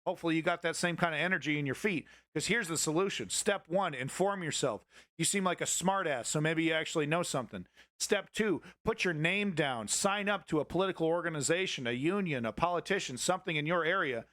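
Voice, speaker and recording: A man's voice: a little high, fairly quick, a bit bright, no echo, clean studio sound. A man hosting a live political commentary stream, ranting heatedly and swearing at his chat.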